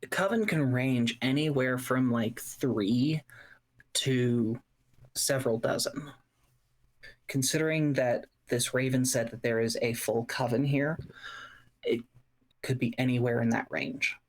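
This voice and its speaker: A tabletop game master who narrates at an unhurried, measured pace. The descriptions unfold slowly, with pauses between phrases as the scene is built up. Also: mid-range voice.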